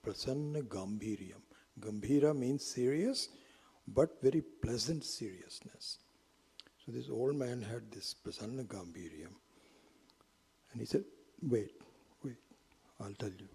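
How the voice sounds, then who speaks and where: A man's voice: medium pitch, expressive, unhurried, gravelly, a little mellow, slightly rough, big-room sound. A man giving a storytelling lecture as a spiritual teacher, slipping into whispered asides. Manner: drops into whispered asides, acts out quotes.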